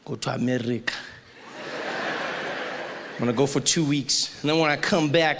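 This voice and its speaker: A man doing stand-up comedy in a conversational, animated way. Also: medium pitch, moderate pace, vocal fry, pauses often. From South Africa. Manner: conversational, animated, acts out voices. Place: large live venue with audience. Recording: live hall with crowd noise.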